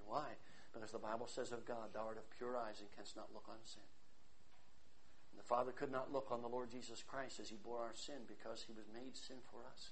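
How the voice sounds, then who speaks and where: A man preaching an evangelistic sermon, fervently reading scripture and swinging from loud ringing emphasis to low hushed passages. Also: rough recording. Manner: fervent, preacherly, reads scripture in King James style.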